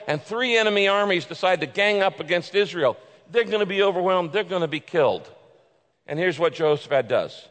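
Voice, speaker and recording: A man preaching a sermon, reading scripture aloud and moving from loud pleading passages to quiet, intimate asides. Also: on the high side. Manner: dramatic, swings from loud pleading to hushed intimacy. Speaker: pastor. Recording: long hall reverb.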